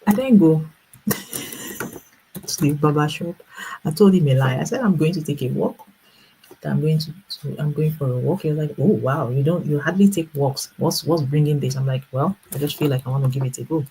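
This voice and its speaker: A middle-aged woman hosting a casual livestream, telling an animated personal story with laughter and acted-out voices. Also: deep voice, moderate pace, a little hiss or hum, rough recording. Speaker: livestream host and business coach.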